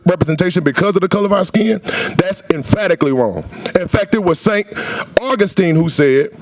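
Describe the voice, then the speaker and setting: A man testifying at a legislative hearing, speaking forcefully and repeating phrases for emphasis. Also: fairly high pitch. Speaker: public witness testifying at a state senate hearing. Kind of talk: impassioned public testimony. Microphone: standing microphone at a podium.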